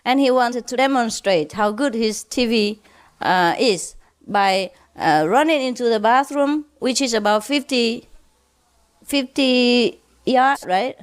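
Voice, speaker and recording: A woman teacher giving a spiritual lecture, telling jokes to an audience, laughing at her own punchlines and pausing often with "uh". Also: fairly high pitch, clean tone. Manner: halting, with many "uh" pauses.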